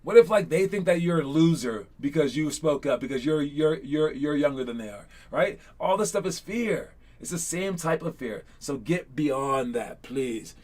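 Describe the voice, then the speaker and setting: Upbeat young coach, slightly high voice. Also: male voice, normal speed, hardly any pauses. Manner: energetic, rambling, repeats "all right?". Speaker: basketball coach hosting an online session. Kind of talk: casual pep talk to young players.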